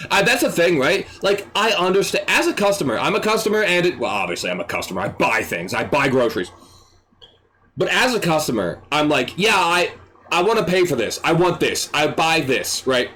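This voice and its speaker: A man streaming, ranting in an exasperated, animated way and swearing freely. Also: fairly high pitch, brisk. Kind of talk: ranting commentary.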